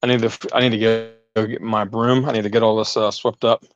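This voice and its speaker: Out of breath, a man hosts a loose live chat from his garden, talking directly to viewers through a lapel mic and often rambling or starting over. He has a lowish voice with a flat, fairly quick delivery, and there's slight background noise. The audio is dull, dry, and lo-fi.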